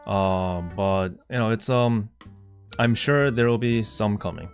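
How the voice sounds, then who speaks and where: A man chatting on a live stream, excitable and flustered, talking to his chat with many restarts. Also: lowish voice, a little slow, soft background music.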